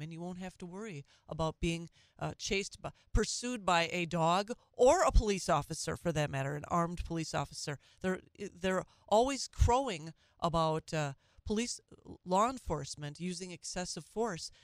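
A talk radio host delivers an opinionated monologue in an earnest tone. The voice sits at a middle pitch, recorded close and dry with no room sound. Sentences often stall and restart in stammers. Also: lively intonation, moderate pace, no room sound.

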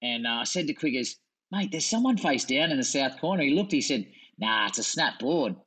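An Australian man, a lifeguard guest, recounting a rescue in relaxed, self-deprecating casual chat. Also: mid-range voice, fairly quick, poor audio.

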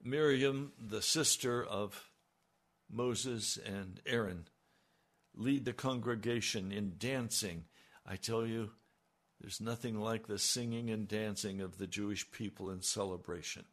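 A man preaching a sermon, slow and emphatic, his voice rising on key lines. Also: on the low side, a bit bright. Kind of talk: radio sermon.

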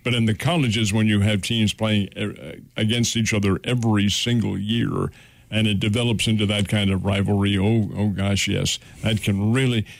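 A man's voice: on the low side, little pitch movement, normal speed, gravelly, dry recording. An older man co-hosting a casual sports talk show, reminiscing with old-fashioned expressions.

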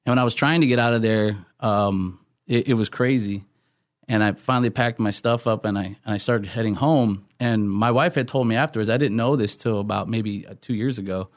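A man's voice: on the low side, fairly quick, dry recording, clean studio sound. Earnest man telling his testimony. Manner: earnest storytelling with frequent restarts. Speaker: pastor. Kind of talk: testimony in a podcast interview.

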